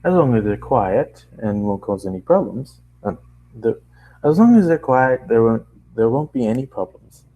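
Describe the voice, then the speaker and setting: A man's voice: medium pitch, very animated, moderate pace, warm tone, highs cut off. A man voicing a friendly male apartment desk clerk in a storybook reading, speaking cheerfully and hospitably.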